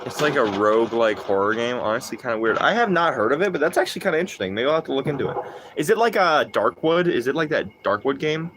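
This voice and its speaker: Animated, profane young male streamer. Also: medium pitch, quick pace, a little hiss or hum. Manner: animated, profane, jokey, riffs off chat. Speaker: livestreamer. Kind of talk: casual gaming livestream chat.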